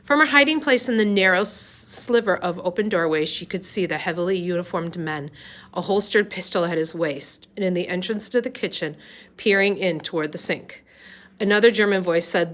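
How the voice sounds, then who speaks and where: A woman reading a novel aloud, unhurried, with small slips and restarts. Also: on the low side, a bit bright. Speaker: reader.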